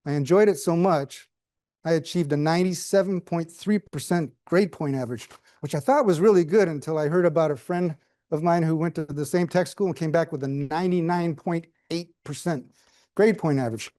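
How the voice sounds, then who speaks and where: A man's voice: a little high, a little fast, warm tone, no echo. A middle-aged man giving a prepared speech with humorous storytelling, dry asides and questions to the audience. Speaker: club speaker.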